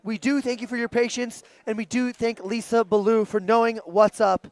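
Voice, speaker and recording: A man's voice: very high-pitched, flat delivery, normal speed, dry recording. A man doing playful live-stream commentary at a sports event, teasing his co-host between announcements.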